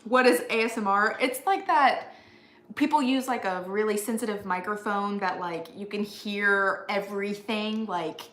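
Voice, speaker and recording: A woman's voice: mid-range voice, normal speed, a bit bright. Woman from washington, chatty vlog host, bit of room echo. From Washington state. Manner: chatty, encouraging, laughs often. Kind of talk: casual chat.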